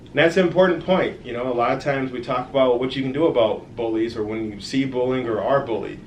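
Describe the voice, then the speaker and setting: A man reading his own children's story aloud in a lively way, adding friendly asides to the kids who listen. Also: mid-range voice, fast, reverberant, a little hiss or hum.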